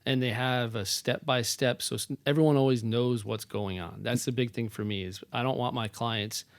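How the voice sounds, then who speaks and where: A man guesting on a podcast talks about his real estate career in a casual, animated way. He acts out quoted lines from people in his stories. His voice is smooth and resonant, and it is recorded dry and close with no room sound. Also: medium pitch, moderate pace, no echo. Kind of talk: casual interview chat. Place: podcast studio.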